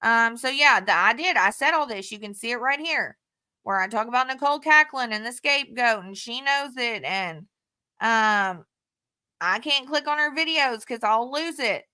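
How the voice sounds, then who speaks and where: A woman's voice: fairly high pitch, expressive, moderate pace, pushed and bright, clean tone. A woman talking to camera in a frustrated, heated way, swearing often while walking through text messages. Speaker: vlogger. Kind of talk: casual talk to camera, reading out text messages.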